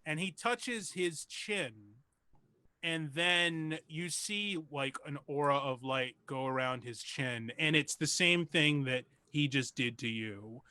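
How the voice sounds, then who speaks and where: A man narrating as game master of a tabletop role-playing game, lively and quick. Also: fairly high pitch, clear, resonant tone, no room sound.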